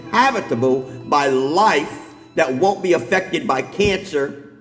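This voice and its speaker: A middle-aged man preaching a sermon, moving from calm talk to shouted, near-sung preaching. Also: fairly high pitch, slow. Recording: long hall reverb, faint music behind.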